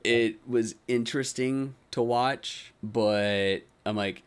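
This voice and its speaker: A man's voice: mid-range voice, steady tone, takes it slowly, clean tone. A man hosting a podcast in casual chat, laughing often and teasing his co-hosts. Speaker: podcast host.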